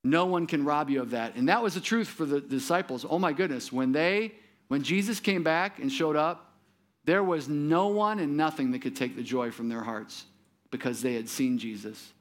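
A man preaching a sermon who speaks straight to his listeners and drops soft and low for his solemn points. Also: expressive, normal speed. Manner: repeats words when he restarts, talks straight to the listener. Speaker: pastor.

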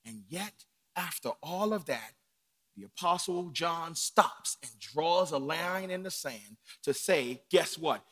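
A man preaching a sermon from the pulpit, dropping to hushed lines and climbing to shouts. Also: a little high, animated, slow pace. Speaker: pastor. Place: church sanctuary.

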